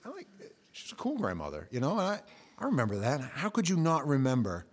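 A middle-aged man preaching a sermon, telling the story with lively, acted-out quotes. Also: fairly quick. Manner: animated storytelling, acting out quotes with jumps in pitch and volume. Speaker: pastor.

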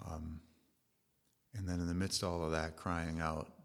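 A middle-aged male pastor delivers a sermon in an earnest, conversational way, slipping into personal stories. His voice sits very low. It has a gravelly edge. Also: little pitch movement, normal speed.

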